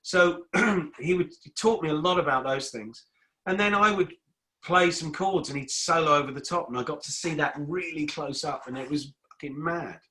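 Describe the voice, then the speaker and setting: A man's voice: fairly high pitch, normal speed, pushed and bright. A middle-aged man talking as a guest in a casual interview, rambling and repeating words as he restarts his sentences. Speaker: guest musician.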